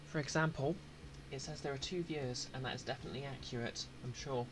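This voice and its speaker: A man's voice: medium pitch, fairly even intonation, quick pace, noisy background. A man streaming a game, reading its text aloud with dry, self-mocking asides.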